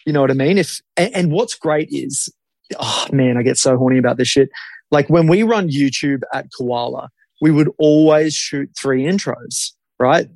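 A man's voice: mid-range voice, moderate pace, gravelly, a little mellow, no room sound. A man, co-hosting a podcast as a marketing creative in casual chat, blunt and opinionated and swearing freely.

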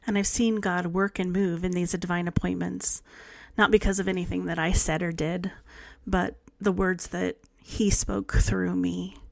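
A woman in her forties speaks in an earnest, heartfelt monologue as the host of a faith podcast. Her voice sits a little low for a woman. She talks softly and warmly sincere. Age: 40s.

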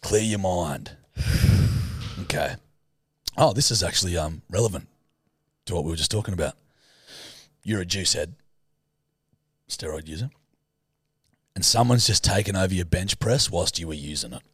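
A man's voice: low voice, expressive, moderate pace, pauses often, a bit bright, husky, dry recording, clean studio sound. A young man co-hosting a casual comedy podcast, teasing playfully and laughing at his own jokes. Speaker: co-host.

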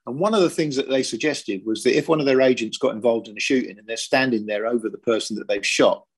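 A man's voice: mid-range voice, fast talker, breathy edge. An older man from Britain, a former police firearms officer, telling his story in a plain-spoken, matter-of-fact interview.

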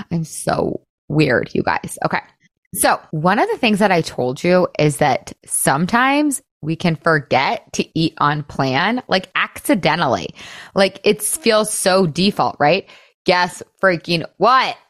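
Female coach, casual podcast host, low-ish voice, upbeat and chatty with lots of "like", dry close mic. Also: sing-song, no room sound. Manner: chatty and upbeat, full of "like" and quick laughs.

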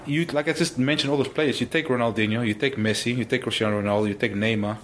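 A man, a former footballer, telling stories in an interview, animated and full of exclamations. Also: medium pitch, quick pace, slight background noise. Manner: animated, exclaims often, restarts sentences. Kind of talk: casual interview storytelling.

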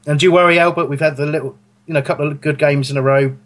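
A man's voice: fairly high pitch, fairly even intonation, racing. A man hosting a casual football fan podcast, rambling and correcting himself as he goes. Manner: rambling, self-correcting, chuckling. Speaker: podcast host.

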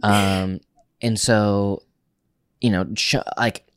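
A man in a casual couples chat, speaking haltingly with restarts and uneven pace. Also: fairly low pitch, fairly even intonation, clear, resonant tone, no room sound, clean studio sound. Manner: halting, restarts words, speeds up and slows down.

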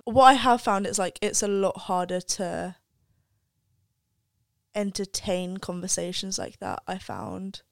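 A woman's voice: medium pitch, lively intonation, unhurried, gravelly, no room sound. A young woman, a student guest on a podcast, talking candidly and reflectively in casual chat and swearing freely. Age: young adult.

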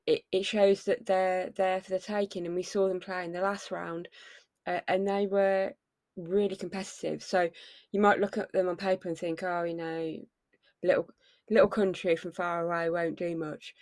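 A woman's voice: fairly low pitch, a little mellow, no echo. A woman co-hosting a casual sports podcast, talking in long rambling runs. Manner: rambling, many fillers and restarts. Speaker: podcast co-host.

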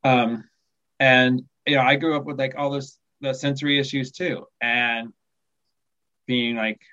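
A man in his forties, a podcast guest, speaking softly in casual chat and trailing off at the ends of phrases. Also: medium pitch, flat delivery, unhurried, dull audio. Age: 40s.

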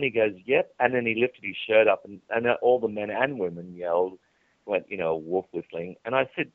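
Brief: male TV presenter guest, low-pitched, lively anecdotes, phone-quality audio, dry. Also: a little fast, dry recording. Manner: lively storyteller who acts out quoted dialogue. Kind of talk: candid chatty interview answers. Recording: dry, tinny phone-like line.

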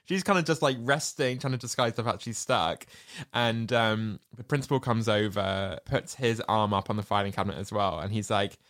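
A woman's voice: extremely low pitch, normal speed, dry recording, studio quality. A woman co-hosting a casual chat about a film, laughing often and acting out quotes. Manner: animated, laughing, acts out quotes. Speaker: podcast co-host.

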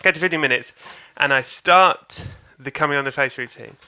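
A man's voice: on the high side, normal speed, pushed and bright, clear, resonant tone. A man, a comedian, telling a story in casual chat, laughing often and acting out voices. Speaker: stand-up comedian guest.

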